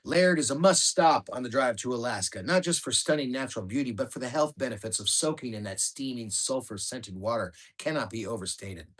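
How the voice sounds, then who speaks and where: A man reading his own memoir in a calm, measured voice of middling pitch. He narrates in a steady, matter-of-fact way, letting the story carry itself.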